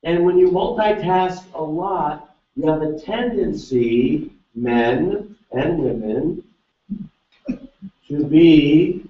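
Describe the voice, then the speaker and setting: A man's voice: on the high side, slow pace, long pauses. A man presenting a live seminar, energetically quizzing his audience and urging them on. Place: large seminar hall. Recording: echoey room, distant lo-fi mic.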